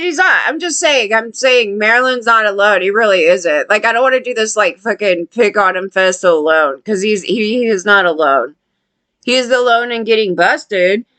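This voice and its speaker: A woman's voice: on the high side, fairly bright tone, no room sound. A woman ranting to her viewers in a blunt, profane, rambling way, often restarting her sentences. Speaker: vlogger. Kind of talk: unscripted rant to camera.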